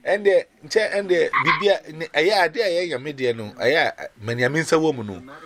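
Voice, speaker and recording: Speaking at a moderate speed over a video call, a Ghanaian man gives a personal testimony. His storytelling is vivid, marked by pitch that springs up and down.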